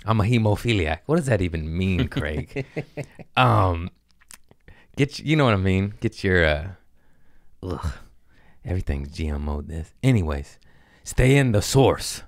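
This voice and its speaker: A man in his thirties rambles through a comedic monologue, bouncing between tangents and teasing himself whenever he loses the thread. His voice sits on the low side. The sound is close and dry, with no room echo. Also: lively intonation, unhurried, long pauses. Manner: jumpy, self-mocking, scatterbrained. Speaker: podcast host.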